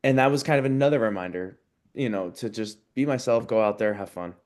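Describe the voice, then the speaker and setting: A man's voice: lowish voice, a little fast, darkish tone. Earnest man telling his story. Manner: earnest, talks through his thoughts with restarts. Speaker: interview guest, competition show contestant. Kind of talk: casual interview chat.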